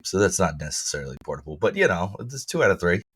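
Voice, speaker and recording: A man co-hosting a podcast in casual chat, his voice rough and froggy from feeling unwell, rambling and restarting sentences. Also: sits low, sing-song, fast talker, fairly bright tone. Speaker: podcast co-host.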